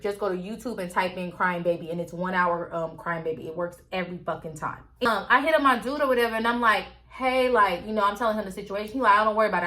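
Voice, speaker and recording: A woman's voice: mid-range voice, bright, forceful tone. A woman vlogger casually telling a story to her viewers, candid and chatty.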